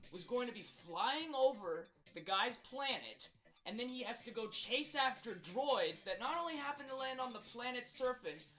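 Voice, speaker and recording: A video creator plays an exaggerated angry version of himself, a hot-tempered young man, in a comedic rant. He's exasperated and full of rhetorical questions. His exaggerated voice is extremely high, pushed and bright, and the audio quality is poor.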